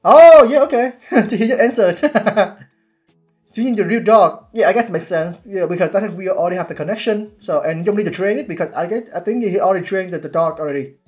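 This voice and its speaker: A man giving casual commentary while watching a series, excitable and halting with many restarts. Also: high-pitched, soft background music. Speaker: YouTube reactor.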